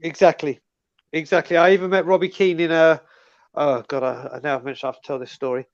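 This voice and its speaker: Lively high-voiced London bloke. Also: male voice, quick pace, gravelly, no echo, muffled recording. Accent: London English. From North London, England. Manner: lively, laughing anecdote teller. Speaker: co-host on a fan call-in show. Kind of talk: casual storytelling chat.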